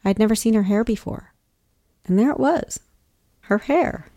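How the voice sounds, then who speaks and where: A woman narrating a personal story in a measured, reflective way. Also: medium pitch, warm tone, dry recording, studio quality.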